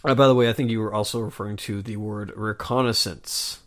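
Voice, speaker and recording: A man with a fairly low voice co-hosting a casual podcast. He talks in a relaxed, joking way. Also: brisk. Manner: laid-back and joking, with frequent laughs. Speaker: podcast co-host. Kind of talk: casual comic book discussion.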